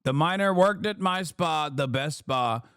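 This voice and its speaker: A man's voice: a little high, expressive, unhurried, a bit bright, clear, resonant tone, dry recording, studio quality. A man doing a rambling boastful old politician. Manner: rambling, boastful, mock-serious. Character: impression of a rambling boastful older male politician.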